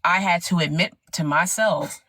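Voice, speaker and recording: A middle-aged woman sharing her personal story with animated, emphatic conviction. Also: fairly low pitch, moderate pace, husky, no echo. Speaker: guest. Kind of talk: personal testimony in conversation.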